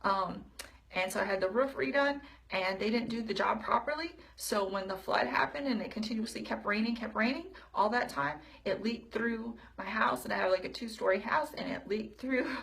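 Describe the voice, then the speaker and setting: Woman rambling through her thoughts on camera, lots of ums and likes, bit of gravel in her voice. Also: medium pitch, fairly bright tone. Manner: halting, many fillers and restarts. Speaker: video diarist. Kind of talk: personal reflective talk.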